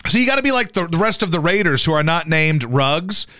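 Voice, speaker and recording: A man hosting a radio show, chatting casually about sports in a profane, animated way and jumping into high yelps to mimic people. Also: fairly quick, dry recording, studio quality. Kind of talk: casual sports talk banter.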